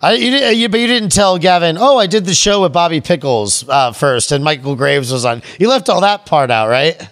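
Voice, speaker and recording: Man, podcast host, stammering, somewhat high voice. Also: lively intonation, brisk, fairly bright tone. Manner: stammering, restarts sentences. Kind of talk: casual chat.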